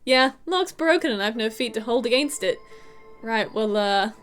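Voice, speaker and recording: Woman voicing a dry, matter-of-fact detective, lively pitch, game dialogue. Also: moderate pace, soft background music.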